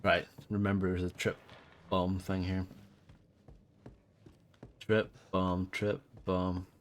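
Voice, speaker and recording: Male streamer, very low pitch, loose self-mocking chatter, faint hiss behind. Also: monotone, takes it slowly. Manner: rambling, self-deprecating, chats with viewers. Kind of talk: casual live gameplay chat.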